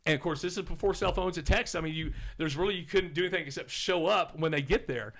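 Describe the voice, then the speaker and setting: A man in his fifties from Oklahoma, a podcast guest telling rambling stories in a casual, animated way and swearing now and then. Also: a little high, fast talker. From Oklahoma, USA. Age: 50s. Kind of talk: casual storytelling.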